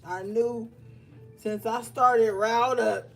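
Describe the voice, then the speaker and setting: This woman's voice sits on the high side, slow and marked by vocal fry, as she does a livestream tarot reading. She curses freely, scolds viewers with animated bluntness, and laughs a lot, while faint music plays.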